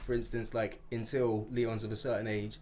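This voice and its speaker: A man's voice: fairly low pitch, level tone, normal speed, darkish tone, a little hiss or hum. A man talking as a podcast guest in casual chat, rambling with many restarts and fillers.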